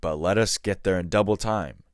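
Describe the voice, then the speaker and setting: A man voicing a shrewd boy from the hills who speaks calmly and with quiet confidence. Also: deep voice, no room sound, studio quality, close to an everyday voice. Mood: commanding. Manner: calm, measured, quietly confident.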